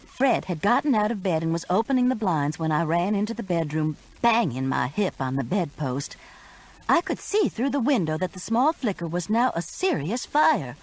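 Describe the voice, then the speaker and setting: A woman's voice: lowish voice, animated, moderate pace, darkish tone, low-quality recording. A woman narrating a first-person mystery audiobook with urgent expression.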